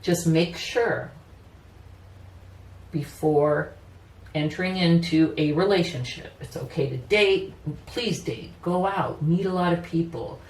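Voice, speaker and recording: Low-voiced, slow-talking woman tarot reader. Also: a little mellow. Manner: chatty, repeats "you know", laughs easily. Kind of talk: casual tarot reading monologue. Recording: roomy echo, mic at a distance, faint ambience.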